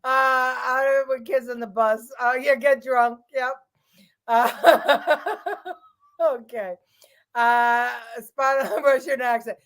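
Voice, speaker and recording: A middle-aged woman hosting a live talk stream, reading viewer comments aloud with frequent laughs and halting pauses. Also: high-pitched, fairly even intonation, fairly bright tone. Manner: laughs often, halting as she reads comments. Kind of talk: casual live-stream chat.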